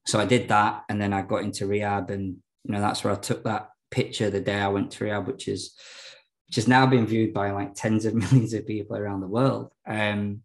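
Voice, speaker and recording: A man's voice: lowish voice, flat delivery, brisk. A man telling his own story frankly as a podcast guest, swearing, using lots of fillers, and laughing often. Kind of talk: candid personal storytelling.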